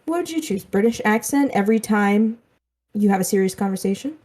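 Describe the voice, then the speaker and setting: A young woman co-hosts a casual podcast. Her voice is mid-pitched and ordinary, and she wanders through her stories in a laid-back way, with easy laughs along the way. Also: fairly quick. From Canada. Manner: relaxed, rambling, laughs along. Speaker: podcast co-host. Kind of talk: casual chat.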